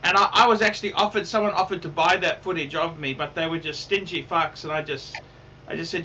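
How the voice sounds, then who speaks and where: A rambling man hosts a casual livestream, his voice high and strikingly bright. He repeats himself and swears freely. He sits back from the mic, with faint background noise. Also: fairly quick, recorded from a distance, muffled recording. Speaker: livestream host.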